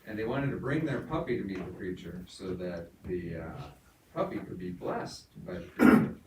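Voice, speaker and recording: A son telling a joke at his father's memorial in a funeral home, in a relaxed storytelling manner with fillers. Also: sits low, moderate pace. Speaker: son of the deceased. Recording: echoey room from far off, noisy.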